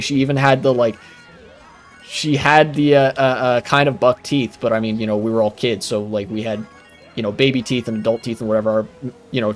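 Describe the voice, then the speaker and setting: A young man streaming live, telling a rambling, profane story with many fillers while he plays. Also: medium pitch. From United States.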